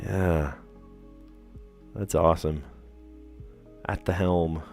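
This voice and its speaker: A man in his thirties, a teacher, chatting casually on his puzzle livestream, relaxed and chatty with lots of fillers and easy laughs. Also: low-pitched, extremely slow, gravelly, faint music behind.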